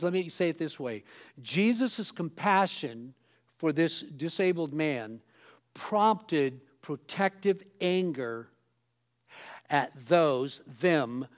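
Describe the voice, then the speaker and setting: A middle-aged man preaching a sermon in an earnest, emphatic way. His voice sits a little high for a man. He stretches key words, pauses for effect and repeats phrases as he explains. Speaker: pastor.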